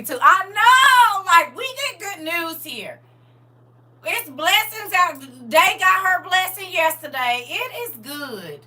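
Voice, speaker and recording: A livestream host with a high, sharply bright voice reads viewer comments aloud in a casual chat. She's animated and colloquial, laughs often, and addresses her audience directly with church-style encouragement.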